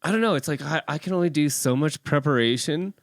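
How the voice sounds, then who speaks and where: A man guesting on a podcast as a music producer and DJ, chatting casually in an excitable, rambling way, full of fillers and swearing. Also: a little high, fast talker, no room sound, clean studio sound.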